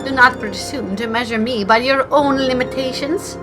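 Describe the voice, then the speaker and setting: A woman's voice: sits high, normal speed, over music, close to an everyday voice. Brief: woman voicing a pompous, scheming noble, formal and lofty. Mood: haughty.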